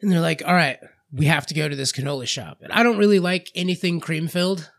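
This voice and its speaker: A man's voice: a little high, quick pace, a bit bright. A man co-hosting a podcast, chatting casually, laughing often and telling stories with quoted voices. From Florida. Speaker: podcast co-host. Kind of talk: casual chat.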